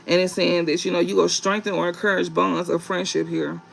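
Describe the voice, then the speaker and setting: A man giving a casual tarot reading to viewers, rambling and halting with many fillers and restarts, and reading card meanings aloud. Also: high-pitched, level tone, gravelly, fairly bright tone, a little hiss or hum, rough recording. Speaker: tarot reader.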